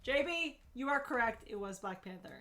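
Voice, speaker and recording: A woman co-hosting a beer and comics stream, casual and giggly, laughing often and breaking into playful shouts. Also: a little high, expressive, moderate pace. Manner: playful, loud bursts of shouting. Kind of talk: casual chat.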